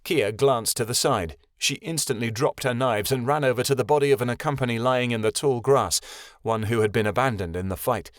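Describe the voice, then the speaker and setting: Male audiobook narrator, mid-pitched, steady storytelling, dry close recording. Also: a little fast, no room sound. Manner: steady storytelling, voices every character. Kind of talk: scripted fantasy narration.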